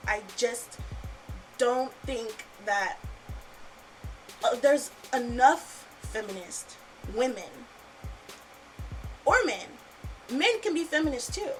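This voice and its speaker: A woman's voice: fairly high pitch, expressive, slow, long pauses, soft background music, poor audio. A woman hosting a casual podcast, angry and swearing freely, repeating her points. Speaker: podcast host.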